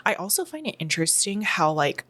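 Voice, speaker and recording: A woman from Dallas, a comedian chatting as a guest, with a soft, calm voice and very precise articulation. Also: on the low side, a little fast, no echo. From Dallas, Texas. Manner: understated, deadpan. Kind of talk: casual conversation.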